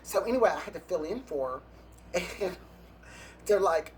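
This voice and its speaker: A man's voice: sits high, lively intonation, normal speed, darkish tone, a little hiss or hum. A man, a drag performer, telling catty backstage stories in a casual, gossipy interview, breaking into laughs and gasps.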